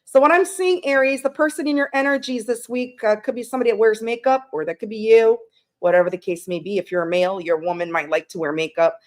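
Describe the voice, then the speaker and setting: Woman, tarot live-streamer, slightly high voice, chatty and affectionate with viewers. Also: fast. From Canada. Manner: chatty, greets viewers with pet names.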